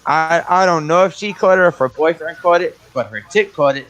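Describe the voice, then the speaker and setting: A man's voice: on the high side, a little fast, a bit bright, low-quality recording. A man in a casual online group chat, telling crude stories with a joking manner. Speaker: panelist.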